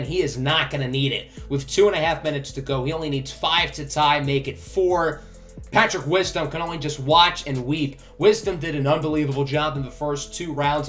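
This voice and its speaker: A young man commentating his video game like a sportscaster, getting loud and excited on big plays. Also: on the high side. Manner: excitable sportscaster calls, rising on big hits. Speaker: gaming YouTuber.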